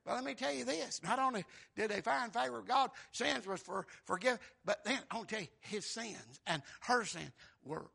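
Fervent preacher with a gravelly edge. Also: male voice, high-pitched, moderate pace. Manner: fervent preaching, bursting into shouts. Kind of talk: sermon.

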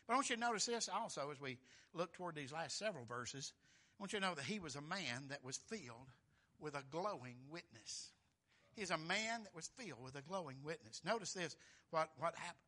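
Here a man preaches with fervor and a folksy touch, his voice animated, fairly quick, and sharp. On key phrases he swells in pitch and loudness, tossing "Amen?" out to the congregation.

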